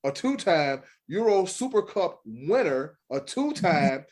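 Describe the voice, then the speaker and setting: A man's voice: high-pitched, sing-song, takes it slowly, darkish tone. A man with an American accent co-hosting a sports podcast, rattling off stats with jokey asides. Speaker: podcast co-host. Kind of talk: casual sports chat.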